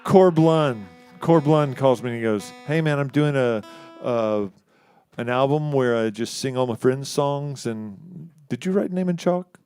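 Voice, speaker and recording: A man from Houston, a musician, telling a story in a casual, animated way, acting out the other people in it and laughing often. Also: medium pitch, measured pace, clean tone, dry recording, soft background music. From Houston, Texas. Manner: animated, acts out quoted voices, laughs often. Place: live studio show.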